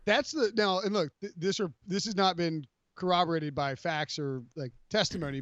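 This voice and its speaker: A man hosts a sports podcast with a fairly high voice, talking in loose, rambling runs and breaking into mock voices. The audio is dry and slightly dull. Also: fairly bright tone, dry recording. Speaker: podcast host. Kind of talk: casual sports chat.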